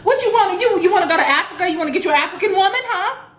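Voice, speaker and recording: Woman putting on a high sing-songy vietnamese-accented lady, broken english, keeps teasing, dull muffled clip audio. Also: animated, very fast, fairly bright tone, echoey room, slight background noise. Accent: put-on Vietnamese.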